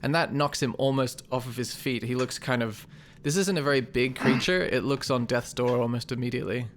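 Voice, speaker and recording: A man running a tabletop game as game master, describing combat in a relaxed, descriptive way. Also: medium pitch, a little fast, a little hiss or hum.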